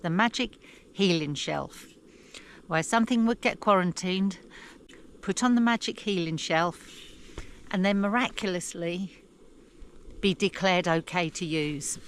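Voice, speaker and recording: Slow-talking self-mocking older woman. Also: lowish voice, a little hiss or hum. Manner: self-deprecating, swears, laughs often. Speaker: vlogger. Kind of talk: casual self-filmed vlog. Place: outdoors in snow.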